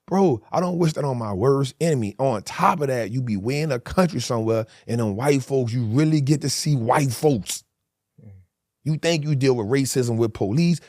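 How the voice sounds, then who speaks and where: A man's voice: medium pitch, moderate pace, a little mellow, dry recording, clean studio sound. A man in his forties, a guest telling hard stories in a candid interview, emphatic and full of street slang.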